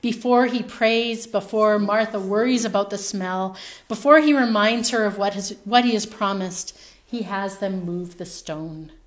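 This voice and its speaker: A woman preaching a sermon in a reflective, storytelling manner, her phrases trailing off softly. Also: mid-range voice, a little slow.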